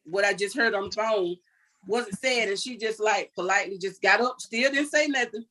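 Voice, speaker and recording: A woman's voice: mid-range voice, normal speed, bright, forceful tone, low-quality recording. An older woman, giving an earnest, vivid personal account as an interview guest. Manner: earnest, recounting vividly with quoted dialogue.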